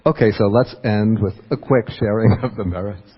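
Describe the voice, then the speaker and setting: A man's voice: lowish voice, moderate pace, background noise. A man who is a Buddhist monk, telling a personal story in a dharma talk and chuckling often as he goes. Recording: dull lo-fi recording.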